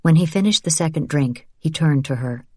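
Woman narrator, low voice, measured storytelling, dry close sound. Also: darkish tone, no echo. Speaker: audiobook narrator. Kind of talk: scripted narration.

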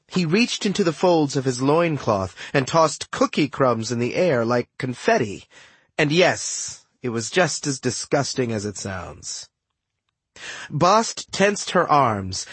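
A male narrator tells a first-person adventure story with an animated, swinging delivery and dry humor. His voice has a slightly husky grain. The recording is close and dead, with no room echo. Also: medium pitch. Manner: lively storytelling with wry asides. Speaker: audiobook narrator.

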